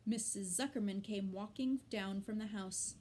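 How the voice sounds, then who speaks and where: A woman reading a children's novel aloud with slow, deliberate narration. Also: mid-range voice, darkish tone. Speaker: reader.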